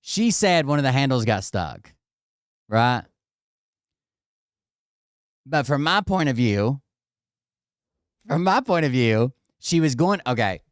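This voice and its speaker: A man in the middle of an animated, expletive-laden story, talking straight at the camera in a plain, unremarkable register. His voice sits close and dry, with no room sound around it. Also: mid-range voice, slow, pauses often, no echo. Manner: animated and heavily profane, with laughter. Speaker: vlogger telling a home story. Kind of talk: casual storytelling.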